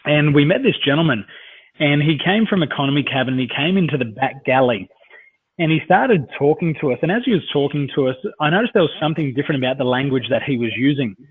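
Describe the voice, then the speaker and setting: Fast-talking and expressive, this Australian man has a husky, rather high voice. He is a coach being interviewed, telling meandering stories with lots of fillers and false starts over dry, tinny, phone-quality audio.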